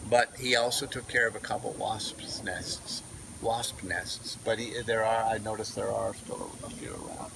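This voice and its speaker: A man's voice: on the low side, steady tone, a little slow, creaky, noisy background. A man, vlogging casually outdoors into his camera mic, digressive, with many fillers and restarts. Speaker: vlogger and audiobook narrator. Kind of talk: casual rambling vlog talk. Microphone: camera mic, no wireless mic.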